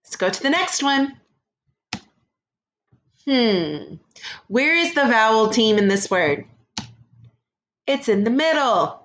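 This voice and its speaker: A woman teaching a first grade phonics lesson to young children, sounding out words slowly in a sing-song teacher voice. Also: fairly high pitch, very animated, fairly bright tone.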